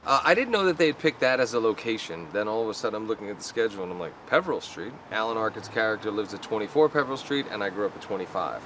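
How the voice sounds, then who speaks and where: A man's voice: lowish voice, very fast, few pauses, slight background noise. A middle-aged man, chatting casually about his work in an interview outdoors. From United States. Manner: relaxed, laid-back, with fillers. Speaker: actor guest. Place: outdoors on a city street.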